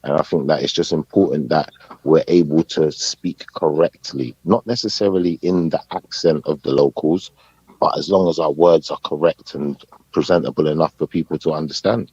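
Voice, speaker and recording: A man on a live podcast panel, talking in a measured, hesitant way and searching for his words. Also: rumbling low, fairly even intonation, a little mellow, slightly rough, no room sound. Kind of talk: casual live podcast debate. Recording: dull muffled podcast audio.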